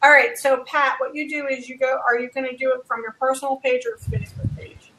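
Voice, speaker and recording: A woman chatting casually on a video call, quick to laugh. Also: high-pitched, steady tone, sharp tone, echoey room, slight background noise, poor audio.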